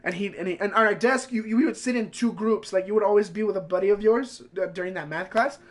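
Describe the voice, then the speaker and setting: A man's voice: sits high, quick pace. A man streaming from home, telling a profane, heated story in a casual way.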